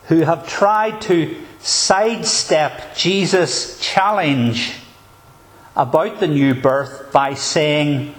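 A man, a pastor, preaching a sermon in an emphatic, measured way with deliberate pauses. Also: fairly high pitch.

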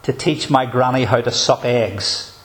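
Man, pastor's sermon, emphatic, measured pauses, mid-pitched voice. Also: a bit bright.

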